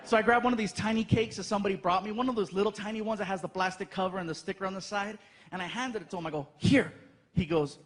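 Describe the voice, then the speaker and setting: A man doing stand-up storytelling on stage, animated and self-mocking, acting out the people in his story. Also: sits high, fast talker. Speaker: stand-up comedian. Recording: live show with background noise.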